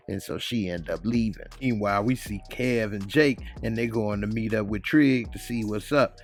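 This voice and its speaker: Gravelly, low-voiced man recapping a TV episode. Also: normal speed, few pauses, faint music behind. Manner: retells scenes in slang, acting out dialogue. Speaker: TV show reviewer.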